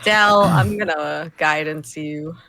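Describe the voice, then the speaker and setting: A woman's voice: low voice, over a noisy crowd. A woman playing a tabletop game, chatty and enthusiastic in casual table talk. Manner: chatty, enthusiastic, quick to laugh. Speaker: player.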